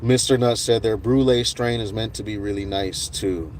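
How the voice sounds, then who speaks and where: A man's voice: lowish voice, normal speed, darkish tone, slight background noise. A man hosting a casual livestream outdoors at night, rambling with many fillers and greeting viewers by name. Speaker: livestream host.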